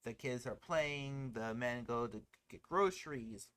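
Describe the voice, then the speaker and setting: A movie commentator in a casual spoiler rant, rambling and cutting in on themself with laughing asides, and getting loud and excited when frustrated. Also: mid-range voice, unhurried.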